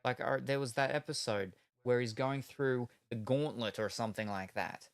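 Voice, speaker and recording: A man's voice: medium pitch, normal speed, clean tone, dry recording. Rambling, chatty man on a dry close mic. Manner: rambling, meandering retelling with many hedges. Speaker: card-opening streamer. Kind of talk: casual chat while opening cards.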